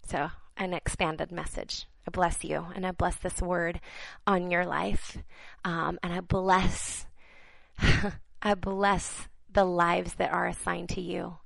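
In earnest, halting prophetic words for her viewers, a woman minister repeats phrases for emphasis and drops into soft, almost whispered passages. Her lowish voice is gravelly with flat delivery, and the poor audio has no echo.

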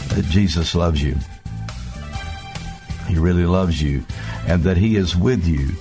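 A man with a very low voice delivers a heartfelt devotional message at an unhurried, drawn-out pace. He speaks earnestly, stopping often on small fillers as he gathers his thoughts, with soft music faintly underneath. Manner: earnest, halting, with frequent filler pauses. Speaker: minister.

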